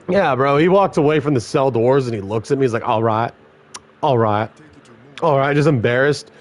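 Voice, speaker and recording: Blunt, profane man telling stories. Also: medium pitch. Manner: blunt, heavily profane, laid-back. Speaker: former corrections officer. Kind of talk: casual storytelling on a podcast.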